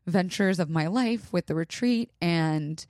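A young woman hosting a podcast, talking in a halting, emotional way while she holds back tears, with many pauses and fillers. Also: fairly low pitch, a little mellow, dry recording, studio quality. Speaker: podcast host. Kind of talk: personal monologue.

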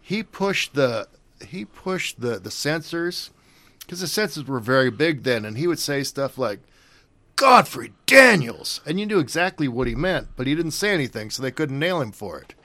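A man's voice: medium pitch, animated, normal speed, a bit bright, no room sound. An older man chatting casually, rambling with many fillers and restarts. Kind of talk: casual chat.

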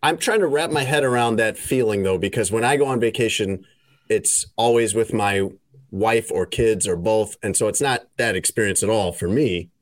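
A man's voice: lowish voice, normal speed, no room sound. A man hosting a podcast, chatting casually and reading a sponsor spot in a laid-back way. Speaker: podcast host. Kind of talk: casual chat with ad read.

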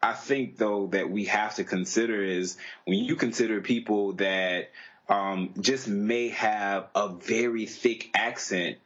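A man's voice: on the low side, steady tone, takes it slowly, fairly bright tone. A man co-hosting a podcast, talking casually and earnestly, often restarting his sentences. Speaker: podcast co-host. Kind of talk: casual discussion. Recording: dull lo-fi podcast audio.

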